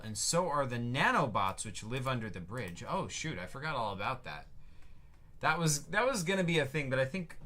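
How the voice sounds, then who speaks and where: A streamer shows off his own game on a livestream, chatting casually in a mid-range, sharp-toned voice. He rambles, uses many fillers, reads his notes aloud, and answers viewers by reading chat out loud.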